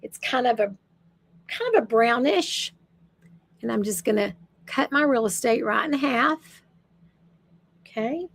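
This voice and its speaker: A woman's voice: fairly high pitch, expressive, unhurried, gravelly, pauses often. An older woman, chatting casually and rambling through a makeup tutorial as a makeup consultant. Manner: chatty, rambling, self-correcting.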